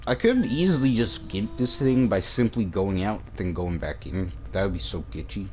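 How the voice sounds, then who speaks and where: A man giving excitable commentary while playing a game, swearing and joking at the creatures and jumping from calm mutters to shrieking yells. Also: on the low side, moderate pace, a little hiss or hum. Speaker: gameplay commentator.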